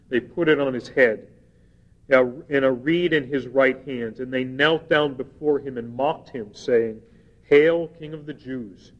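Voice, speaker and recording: A man preaching a sermon, reading scripture passages in a slow, measured and earnest way. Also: mid-range voice. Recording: dull sound with long hall reverb.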